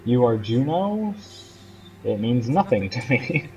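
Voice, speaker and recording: Brief: a man playing a huge ancient game serpent, menacing, hisses each S, dark tone. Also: medium pitch, big pitch swings, slow, muffled recording. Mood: ominous. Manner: stretches out every S into a hiss. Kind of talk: reading game dialogue aloud.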